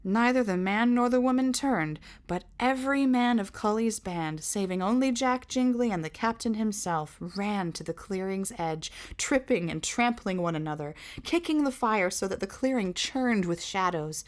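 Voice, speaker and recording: A woman reading a fantasy novel aloud in an expressive, measured way. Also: mid-range voice. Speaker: reader.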